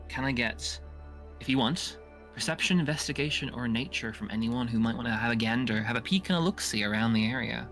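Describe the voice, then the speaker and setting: A man's voice: medium pitch, a bit bright. A man narrating a tabletop game as game master, casual and full of fillers. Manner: casual, filler-heavy storytelling.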